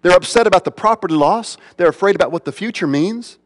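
A man's voice: high-pitched, expressive, fast talker, big-room sound. A man preaching a sermon as pastor, emphatic, with repeated phrases and rhetorical questions.

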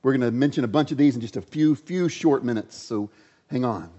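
A man preaching a sermon from the pulpit of a church, emphatic, swinging between loud stresses and quiet asides. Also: mid-range voice, brisk, in a large hall, highs cut off. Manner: emphatic, varies loudness, drops to quiet asides.

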